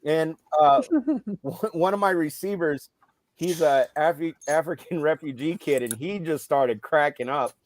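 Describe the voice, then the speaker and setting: A man in casual chat telling a coaching story, acting out what he yelled on the sideline. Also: fairly high pitch, measured pace, no echo. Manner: animated storyteller, yells out quoted lines. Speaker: youth football coach.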